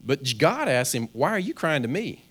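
A man's voice: on the high side, very animated, normal speed, fairly bright tone, breathy edge. Man preaching in a conversational way. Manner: conversational preaching, acts out inner voices, stammers on restarts. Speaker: pastor. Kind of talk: sermon.

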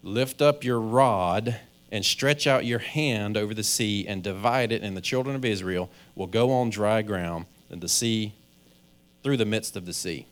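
Unhurried and fairly low-pitched, this man's sermon has a conversational feel. He voices what people are thinking to themselves and frequently stumbles and starts sentences over.

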